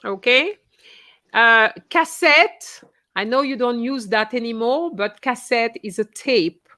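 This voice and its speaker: A woman's voice: mid-range voice, creaky, a bit bright. A woman teaching a French class online, explaining instructions patiently and checking in with her students.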